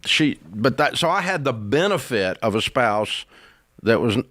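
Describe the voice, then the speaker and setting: A man's voice: medium pitch, very animated, unhurried, a bit bright, dry recording, clean studio sound. A man hosting a call-in advice show, talking in a blunt, folksy way with restarts. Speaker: radio show host. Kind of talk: casual advice talk.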